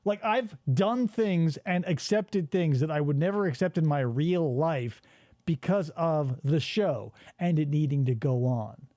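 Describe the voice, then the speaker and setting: A man's voice: on the high side, expressive, measured pace, warm tone, no room sound. A man hosting a podcast, riffing in casual chat and swearing freely. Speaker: podcast host.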